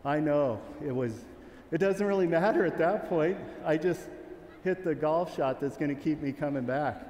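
A man's voice: on the high side, normal speed, darkish tone, a little hiss or hum. Rambling man in an echoey arena. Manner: rambling, candid, many restarts; calls commands to a working dog. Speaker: sheepdog trainer. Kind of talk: clinic talk to an audience. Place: large event arena.

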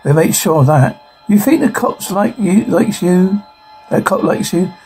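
A man's voice: high voice, lively intonation, unhurried, darkish tone, faint music behind, low-quality recording. An actor playing the mocking evil double of a male hero, lewd and cruel, taunting in a TV horror-comedy. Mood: sneering.

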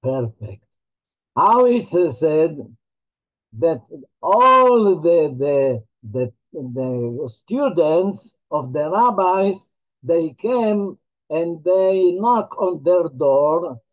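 A man, a rabbi, teaching a holiday Torah class in a halting, earnest way, often repeating his words. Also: a little high, expressive, lo-fi sound.

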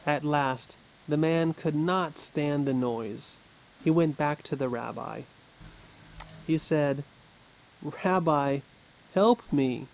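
A man narrating a storybook slowly and clearly for English learners. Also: a little high, steady tone, slight background noise, poor audio. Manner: slow, clear, careful.

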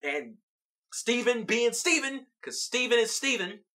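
Picture a vlog host talking through a cartoon episode they just watched. The pitch swings widely as the story builds, and the tone stays bright and forward. They laugh often and keep the recap loose and chatty. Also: sing-song, measured pace.

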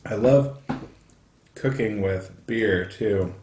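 A man co-hosting a home cooking video, tasting the food and chatting in relaxed short remarks. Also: fairly low pitch, slow, echoey room, slight background noise. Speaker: co-host. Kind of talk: casual cooking chat. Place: home kitchen.

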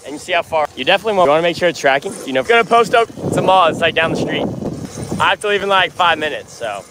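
A man's voice: on the high side, expressive, racing, noisy background. A man filming his friend outdoors, teasing him and hyping him up, recorded from a little way off. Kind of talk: casual chat behind the camera. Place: outdoors by a street.

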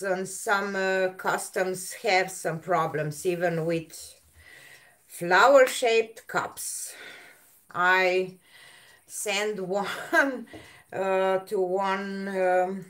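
A woman chats on her art live stream at a very unhurried pace. She greets viewers one by one and her speech is halting, full of ums and uhs. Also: mid-range voice. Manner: halting, many fillers, greets viewers by name. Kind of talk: casual live-stream chat.

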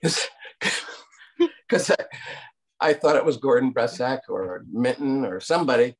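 A man's voice: medium pitch, measured pace, gravelly, long pauses, husky. Older man telling rambling anecdotes. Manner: rambling anecdotes with fillers and acted-out quotes. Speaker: interview guest, cartoon producer. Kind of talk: casual storytelling interview.

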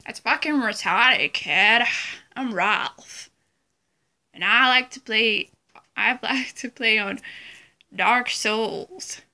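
A woman doing a loud, swearing Boston guy. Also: fairly high pitch, takes it slowly, pauses often, heavily acted. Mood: gruff. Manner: loud, swearing, clipped barks. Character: gruff foul-mouthed man from Boston.

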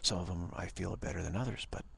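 A man with a deep, very breathy voice gives an informal spiritual talk. He speaks haltingly and restarts his phrases, often sinking to a half-whisper. His voice is heavily gravelly throughout. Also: a bit bright. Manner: halting, repeats words, drops to a half-whisper. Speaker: spiritual teacher.

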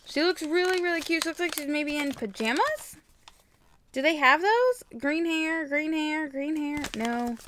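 A young woman chatting casually while unboxing toys, gushing and gasping with excitement. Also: high voice, unhurried, slight background noise. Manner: gushing, excitable, frequent gasps. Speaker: toy vlogger.

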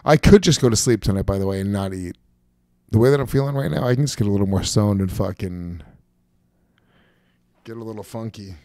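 Low-voiced male streamer, profane and self-mocking, dry close mic sound. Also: brisk, mellow, dry recording. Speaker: streamer and comedian. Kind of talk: casual gaming stream chat.

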